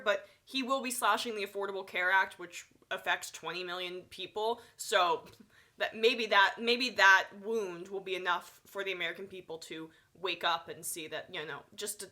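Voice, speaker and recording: A woman's voice: mid-range voice, bright, forceful tone. A woman with a stuffy nose giving sarcastic, opinionated live political commentary, full of fillers. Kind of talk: live online news commentary.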